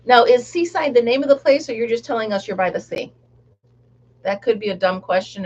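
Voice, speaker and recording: A woman's voice: on the high side, fairly even intonation, a little fast, dull audio. A middle-aged woman chatting casually on a live stream while she crafts, laughing often and rambling about her day. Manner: chatty, laughs often, sings along softly. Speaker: livestream crafter.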